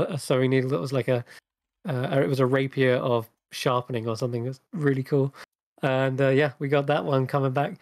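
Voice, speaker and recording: A man running a tabletop game as game master, relaxed and chatty, often laughing. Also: medium pitch, dry recording.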